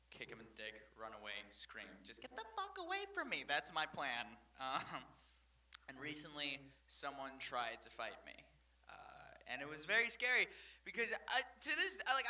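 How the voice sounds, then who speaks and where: A young man rambles through a stand-up set, mocking himself and acting out stories. His voice is bright and cutting, a little high for a man. He sounds some distance from the mic. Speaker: stand-up comedian.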